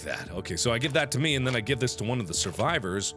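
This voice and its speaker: A man giving let's play commentary on a video game, swinging between loud outbursts and mumbled planning. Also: mid-range voice, sing-song, fast, few pauses. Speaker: gaming video host. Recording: game music clearly audible behind. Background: game music.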